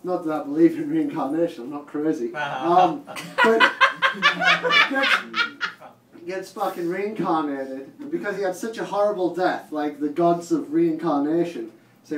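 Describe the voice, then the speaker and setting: On a comedy club stage, a stand-up comedian from northern England with a Teesside accent delivers a profane, rambling set, laughing at his own jokes. His voice is a little high, sing-song, and unhurried, captured in a roomy, distant, noisy live club recording.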